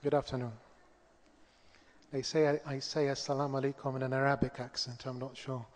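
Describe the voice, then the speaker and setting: A man giving a formal presentation at a conference, speaking in a measured way with occasional restarts. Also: mid-range voice, flat delivery. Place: large conference hall. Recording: echoey hall, long reverb.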